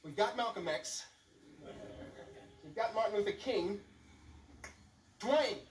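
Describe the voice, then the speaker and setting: On a club stage, a man does stand-up, animatedly telling stories and slipping into lots of voices. He speaks slowly in a high voice. The sound is roomy and distant, with faint room noise.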